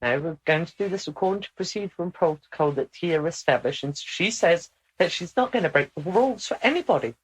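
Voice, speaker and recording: A man speaking in a channeling session, measured and instructive, sometimes formal in phrasing. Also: a little high, lively intonation, husky, rough recording.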